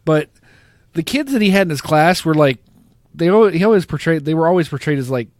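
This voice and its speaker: Laid-back, self-deprecating podcast co-host. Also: male voice, a little high, lively intonation, a little fast, a little mellow, dry recording. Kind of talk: casual chat.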